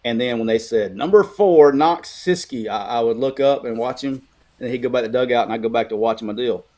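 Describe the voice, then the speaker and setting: A middle-aged Alabama man co-hosts a casual sports chat, telling rambling, animated stories full of restarts. He talks fairly quickly in a mid-range voice.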